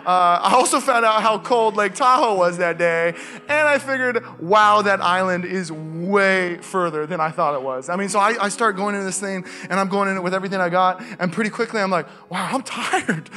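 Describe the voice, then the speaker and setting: A male pastor with a Californian accent preaching a sermon, telling a personal story in a casual, animated way that builds to urgent calls. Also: high voice, normal speed. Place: church stage.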